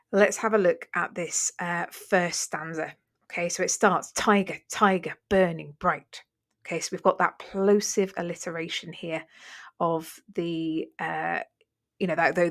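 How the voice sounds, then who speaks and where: Teacher, woman, slightly low voice, chatty exam-revision explainer with plenty of ums. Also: gravelly. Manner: conversational, many fillers and self-corrections. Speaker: English literature teacher. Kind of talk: revision lesson, line-by-line poetry analysis.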